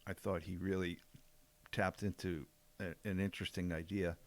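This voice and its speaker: An older man chats easily on a podcast in a very low, deep voice. The sound is dry and close, with no room around it. He drifts and trails off mid-thought. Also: flat delivery, moderate pace, no room sound. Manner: easygoing, trails off mid-sentence. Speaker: podcast co-host, jiu-jitsu black belt. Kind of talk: casual podcast chat.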